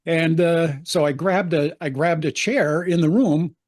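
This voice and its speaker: Older man, actor guest, chatty anecdotes, slightly high voice, laughs often, remote interview. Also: unhurried, a little mellow.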